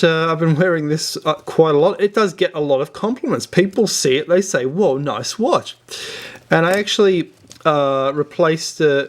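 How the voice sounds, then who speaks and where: A man hosting a casual watch review vlog, rambling along with many fillers and restarts. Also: a little high. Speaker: watch reviewer, channel host.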